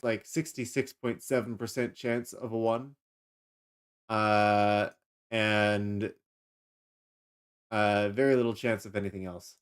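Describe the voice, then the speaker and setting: A man's voice: mid-range voice, clean tone. A man casually commenting on his game, musing aloud with many fillers. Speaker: streamer. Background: faint game music.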